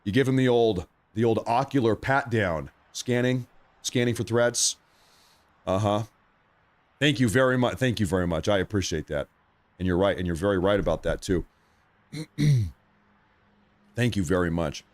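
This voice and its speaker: A man hosting a live news commentary stream, talking straight to his viewers with excitement while he is losing his voice. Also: on the low side, normal speed. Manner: excitable, addresses viewers directly. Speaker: livestream host.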